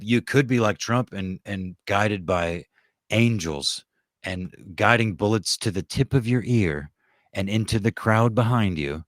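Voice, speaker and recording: Low-voiced profane podcast man. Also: no echo, clean studio sound. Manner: profane, joking, rambling. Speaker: podcast co-host. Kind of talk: casual voice-chat podcast.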